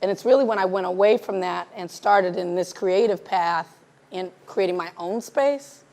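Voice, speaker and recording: This South Los Angeles, USA filmmaker, appearing as a guest in a live conversation, responds to questions with lots of laughter and animation, acting out conversations. Her voice is mid-range and her pace moderate.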